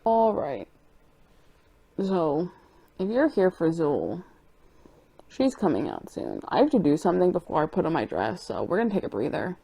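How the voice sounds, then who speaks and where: A young woman chats her way through a cosplay makeup session, spinning off into tangents and giggling at her own stories. Her voice swoops up and down with lively energy and carries a gravelly edge. She sounds casual and unscripted. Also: lowish voice, moderate pace, long pauses. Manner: chatty, tangent-prone, giggly storytelling. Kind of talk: rambling casual chat while doing makeup.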